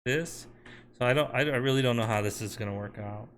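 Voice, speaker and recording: A software developer streaming his coding work, talking to his chat and to himself as he works. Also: mid-range voice, fairly quick. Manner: talks to chat and himself while working. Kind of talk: live coding stream, thinking aloud.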